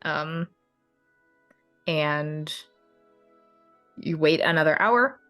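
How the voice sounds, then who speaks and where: A woman narrating a tabletop game as game master in a measured way. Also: low voice, animated, a bit bright, faint music behind. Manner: slow, measured narration with fillers.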